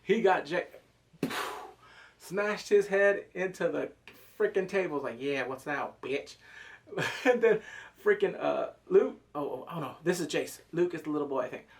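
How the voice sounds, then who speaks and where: A man reviewing a TV episode in a casual, animated way, swearing freely and acting out scenes with quick put-on voices. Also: high-pitched, vocal fry. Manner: swears casually, slangy and emotional. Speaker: TV show reviewer.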